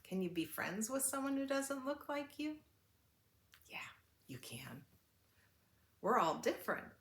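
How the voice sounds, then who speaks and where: An older woman reading a picture book aloud to children, animated and asking them questions. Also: high-pitched, normal speed, reverberant. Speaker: children's story reader.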